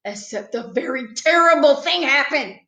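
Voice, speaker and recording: A woman's voice: high-pitched, expressive, normal speed, pushed and bright. A woman reading a children's book aloud with a playful storytelling manner. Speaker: storytime reader. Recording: echoey room, slightly dull sound.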